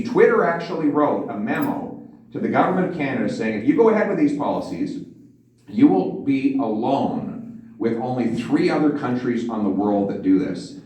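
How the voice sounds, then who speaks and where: A man giving a campaign speech, rhetorical and emphatic, softening into quiet storytelling. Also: mid-range voice. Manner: rhetorical, builds to emphatic points then drops to a quiet storytelling tone. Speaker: politician giving a stump speech. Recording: echoey room, distant mic.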